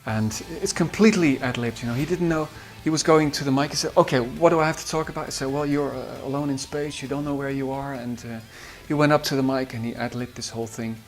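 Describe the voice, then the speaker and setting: Speaking fast with few pauses, a man with a medium-pitched voice and a Dutch accent remembers his singers in an interview. He is a composer from the Netherlands, and his talk is hesitant, with many fillers and restarts. Faint guitar music is audible behind him.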